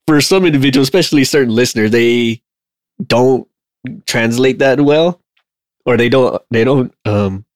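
A man's voice: medium pitch, normal speed, no room sound, clean studio sound. A man co-hosting a podcast, talking in a loose, rambling casual way. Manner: rambling, loose, filler-heavy. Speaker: podcast co-host. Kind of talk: casual chat.

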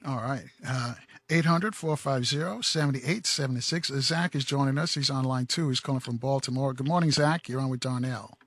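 A man hosting a radio call-in show, brisk and interjecting, reading out the call-in number. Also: mid-range voice, fairly bright tone. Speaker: radio host.

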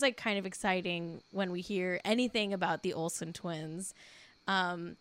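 A woman's voice: mid-range voice, a bit bright. A young woman co-hosting a casual gossip podcast, playful and mock-solemn. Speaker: podcast co-host. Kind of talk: casual celebrity gossip chat.

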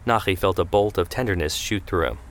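A man narrating a scripted story in a steady storytelling way. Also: low voice, a little fast.

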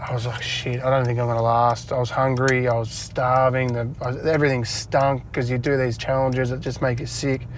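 A man's voice: mid-range voice, little pitch movement, a little fast, few pauses, slight background noise. An Australian man telling stories in a casual interview, laughing often and acting out conversations in a raised voice. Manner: chatty, laughs often, acts out dialogue in a raised voice. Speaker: interview guest, retired footballer. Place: inside a parked car.

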